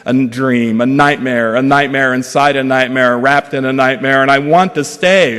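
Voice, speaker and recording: A man giving a dramatic reading of his own prose as guest speaker. He talks slowly and measuredly and often sinks to a hushed voice. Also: mid-range voice, fairly even intonation, clean tone. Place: large event hall at a fundraising breakfast. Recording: long reverb of an event hall.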